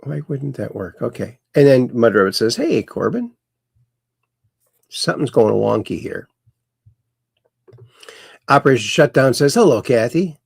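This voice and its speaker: A man's voice: mid-range voice, moderate pace, creaky, long pauses, breathy edge, no echo, clean studio sound. A man hosting a casual livestream, rambling and reading viewer comments aloud. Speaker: host.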